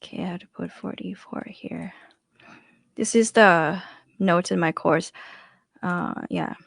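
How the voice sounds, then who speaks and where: Here a young woman with a Thai accent chats through a casual online pronunciation class, laughing often and saying syllables over to show every tone. Her fairly low voice has vocal fry and a measured pace, in clean studio audio without room sound.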